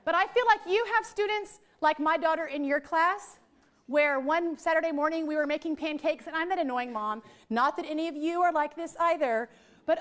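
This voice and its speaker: A middle-aged woman, leading a lively, chatty teacher training workshop for a group in a training room. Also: sits high, normal speed. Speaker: literacy trainer.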